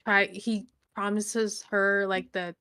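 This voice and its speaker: A young woman talking through a book recap with lots of fillers and an animated, rambling delivery. Her voice sits at an ordinary middle pitch, relaxed and conversational, like chatting with a friend. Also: slow, clear, resonant tone. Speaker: book reviewer. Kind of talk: casual chat.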